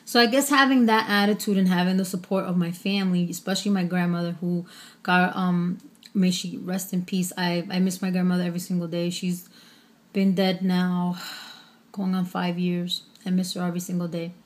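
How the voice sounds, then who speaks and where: A woman's voice: fairly low pitch, flat delivery, moderate pace. A woman talking candidly to her vlog viewers, chatty with many fillers, holding back tears. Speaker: vlogger. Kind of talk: casual personal vlog.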